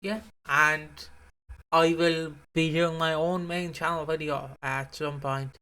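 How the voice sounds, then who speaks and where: A man's voice: fairly high pitch, level tone, takes it slowly, pushed and bright, clear, resonant tone. A man co-hosting a podcast in casual chat, rambling and swearing freely. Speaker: podcast co-host.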